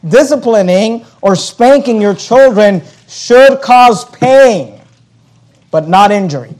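A man's voice: high-pitched, lively intonation, slow, a little mellow. A pastor preaching a sermon in a conversational way, often stumbling and restarting his phrases.

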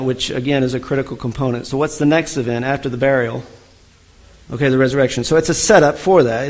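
A man's voice: fairly high pitch, low-quality recording. A male preacher teaching through a scripture passage, reading verses aloud and then asking his listeners questions he answers himself. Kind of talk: expository sermon teaching.

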